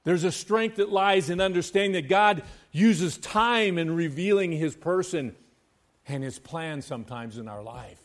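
Speaking unhurriedly in a slightly high voice, this man delivers a sermon to his church as its pastor. He alternates soft, quiet moments with loud, fervent bursts and intones scripture in a sing-song rhythm.

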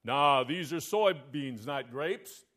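Brief: male preacher playing an unbothered farmer, slow monotone drawl, dry joke delivery. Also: a little high. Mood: deadpan.

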